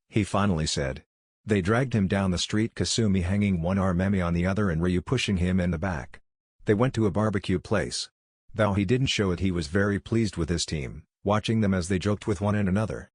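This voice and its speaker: A man narrating a fan story aloud with a plain, even delivery. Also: low-pitched, husky, no echo, studio quality.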